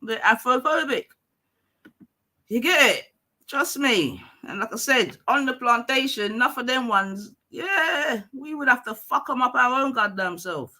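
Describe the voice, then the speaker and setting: A man's voice: extremely high pitch, animated, a little slow, sharp tone. A man with a London accent hosting a live stream debate, confrontational and full of street slang.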